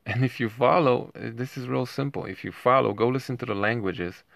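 A man's voice: mid-range voice, a little fast, vocal fry, a bit bright, dry recording, clean studio sound. A man talking in a rambling monologue at home, often tagging his points with a questioning aside. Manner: rambling, keeps asking "right?". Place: home with dogs nearby.

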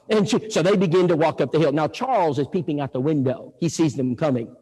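A male preacher telling stories in a sermon, animated, moving between loud and hushed. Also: fairly high pitch, fast, slightly rough. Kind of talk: storytelling sermon. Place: church hall. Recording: echoey hall.

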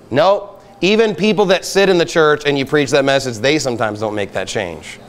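A man preaching a sermon as pastor, with a high voice for a man. He presses his points hard and rises to loud calls at his listeners. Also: brisk, hardly any pauses. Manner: emphatic, rising to loud exhortation. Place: outdoor campsite gathering.

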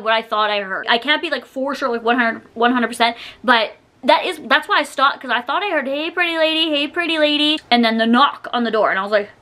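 A woman vlogger talking through a storytime in a chatty manner, with "like" in almost every sentence. Her voice sits fairly high and sounds bright and sharp. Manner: chatty, heavy use of "like" fillers. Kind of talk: storytime vlog.

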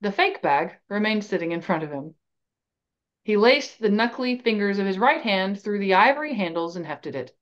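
A woman podcast host narrates a story in a measured, expressive reading voice. Her pitch sits in the middle of the range. The recording is slightly dull and lo-fi.

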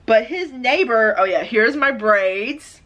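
A young woman telling a story in a casual, animated vlog while doing her hair, exasperated at times. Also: on the high side, slow pace, dull audio. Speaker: hair vlogger.

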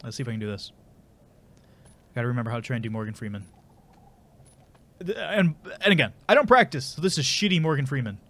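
Gamer guy chatting over gameplay, stuffy nose, pitch jumps all over, swears and laughs at himself. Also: big pitch swings, fast, long pauses, fairly bright tone. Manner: rambling, self-mocking, swears. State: congested. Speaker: gameplay commentator. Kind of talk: casual let's play commentary.

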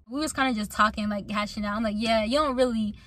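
A woman's voice: fairly high pitch, brisk. A young woman casually telling a personal story to her viewers, acting out the people she quotes and laughing along. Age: young adult. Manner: animated, acts out quotes, laughs often.

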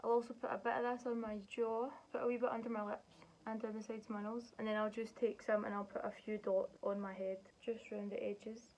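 A woman's voice: a little high, flat delivery, brisk, hardly any pauses, darkish tone, low-quality recording. Chatty young woman doing makeup. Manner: chatty, explains each step as she works. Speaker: beauty vlogger. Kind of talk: makeup tutorial narration.

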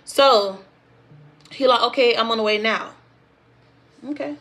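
A young woman with speech tells her own storytime straight to her viewers. Her delivery is animated and conversational, and she jumps into the voices of the people in her story. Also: on the high side, measured pace. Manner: animated, acts out quotes of others in the story. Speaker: storytime vlogger. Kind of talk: casual storytime.

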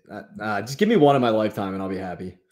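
A man's voice: on the low side, lively intonation, fast talker, a little mellow. A man, a regular on a sports talk show, talking hockey in a glum, blunt way and swearing casually.

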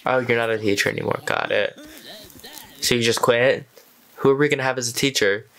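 A man's voice: mid-range voice, fairly even intonation, brisk, fairly bright tone, poor audio. A man hosting a reaction video, chatting casually and exclaiming at what he watches.

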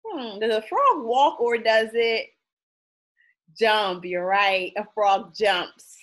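A woman's voice: medium pitch, slow pace, a bit bright. A woman teacher reading a picture book aloud to young children, playful and sing-song, drawing out the sound words and asking them questions.

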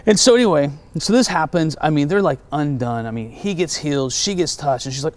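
A man's voice: fairly high pitch, brisk, few pauses. A middle-aged man, a pastor, animatedly telling a story as a guest in an interview and acting out what people said. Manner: animated storyteller who acts out quotes.

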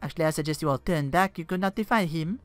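A woman's voice: sits low, no echo, faint music behind, voice pushed up, close to an everyday voice. A woman voicing a flirty, scheming female jester with a put-on French accent, drawing her words out teasingly. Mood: purring. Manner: purring, drawn-out, teasing.

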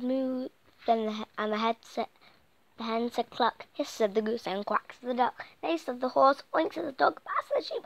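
A woman reading a children's picture book aloud in an animated way, often dropping into soft whispers and stumbling over words. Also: sits high, vocal fry, low-quality recording. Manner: animated, slips into soft whispers and tripping restarts.

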